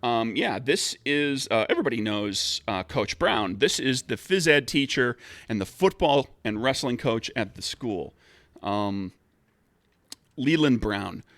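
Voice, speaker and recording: A man's voice: medium pitch, expressive, a little slow, a bit bright, dry recording. A man narrating as game master, explaining rules at length with many fillers and restarts.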